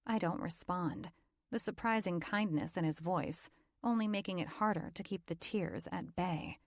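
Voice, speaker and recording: A woman narrating a first-person romance audiobook in a calm, even reading. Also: on the low side, normal speed, dry recording, clean studio sound.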